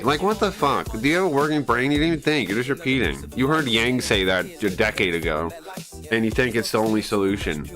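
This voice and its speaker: A young man rants on a live stream in a heated, profane tone, rambling and restarting his sentences as he goes. His voice sits at an ordinary middle pitch. Music plays quietly in the background. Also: animated, a little fast. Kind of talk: casual ranting commentary. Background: faint music.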